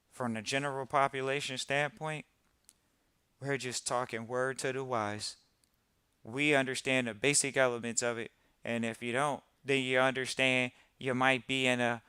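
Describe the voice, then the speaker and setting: A man hosting a live podcast in casual talk, animated and repeating phrases for emphasis. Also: medium pitch, clear, resonant tone, no room sound. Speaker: podcast host.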